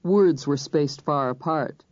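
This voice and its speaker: An audiobook narrator reading a crime thriller in first person, measured and even. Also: medium pitch, dry recording. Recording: dull, dry studio recording.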